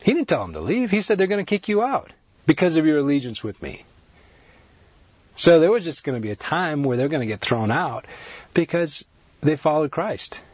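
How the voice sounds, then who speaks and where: Husky male preacher, earnest sermon delivery, dry muffled close-mic recording. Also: fairly high pitch, dry recording. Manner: earnest, repetitive, rising emphasis. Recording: dry, dull lo-fi sound.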